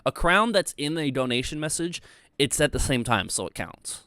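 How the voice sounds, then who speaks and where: A man's voice: medium pitch, very animated, normal speed, bright, forceful tone. A young man hosting a casual livestream, rambling loosely and reading chat messages aloud with plenty of filler words. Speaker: livestream host.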